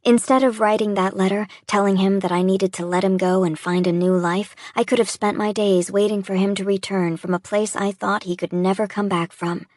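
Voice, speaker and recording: A woman giving a reflective, measured first-person audiobook narration. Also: mid-range voice, fairly even intonation, darkish tone, no echo, clean studio sound.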